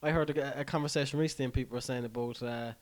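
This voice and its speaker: A man's voice: medium pitch, fairly even intonation, very fast. A young Irish man co-hosting a casual podcast chat, laid-back and emphatic, tagging lines with slang. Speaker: podcast co-host.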